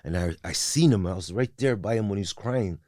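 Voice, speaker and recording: A man with a fairly low, expressive voice talks a little fast in a darkish tone on a dry, studio-quality recording. He's a podcast guest recounting his recovery in a frank, reflective interview, with plenty of restarts and "you know what I mean."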